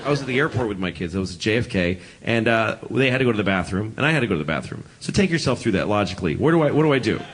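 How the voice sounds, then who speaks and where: A middle-aged man doing live stand-up comedy, telling stories in an animated, profane and exasperated way. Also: on the low side, racing, hardly any pauses.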